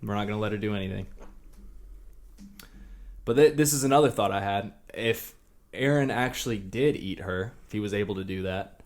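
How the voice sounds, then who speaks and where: A man's voice: fairly low pitch, normal speed, pauses often. A man co-hosting a comedy podcast, chatting casually and playfully. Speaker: podcast co-host.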